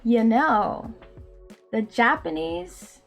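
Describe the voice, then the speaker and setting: Woman doing a bossy, dismissive guy who won't stop lecturing; voice sits high, slow, heavy delivery. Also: very animated, a bit bright, soft background music, exaggerated voice. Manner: insistent, dismissive, repeats "no, no". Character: pushy, opinionated man lecturing a passenger.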